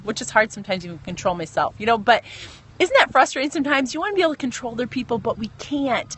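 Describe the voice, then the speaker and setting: A woman's voice: fairly high pitch, lively intonation, quick pace, a bit bright, slight background noise. A woman in her thirties giving a casual devotional talk on a phone livestream, earnest and chatty, stopping to answer viewer comments. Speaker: Christian livestream host.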